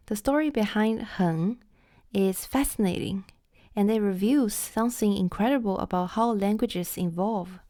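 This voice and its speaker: A woman teaching Chinese in a scripted lesson, repeating each example phrase slowly and carefully for learners. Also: mid-range voice, dark tone, no room sound, clean studio sound.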